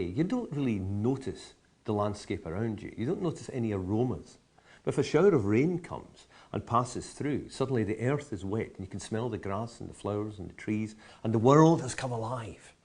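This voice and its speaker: A man's voice: on the low side, darkish tone, husky. A man teaching how to taste, enthusiastic and full of vivid comparisons and playful asides. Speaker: whisky educator. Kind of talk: explanatory tasting talk.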